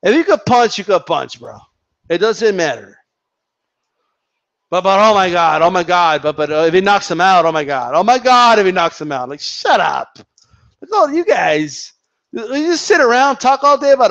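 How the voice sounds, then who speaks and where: A man's voice: high-pitched, very animated, moderate pace, fairly bright tone, muffled recording. A man hosting his own boxing channel, ranting casually with lots of swearing, repetition and mockery. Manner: profane, repetitive, mocking. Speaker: boxing commentator, channel host. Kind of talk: casual rant to camera.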